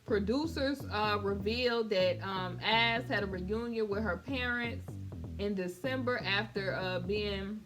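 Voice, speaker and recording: A woman's voice: medium pitch, unhurried, music in the background. A woman hosting casual celebrity commentary with a sassy, conversational manner, calling her listeners honey and boo. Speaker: YouTube commentary host.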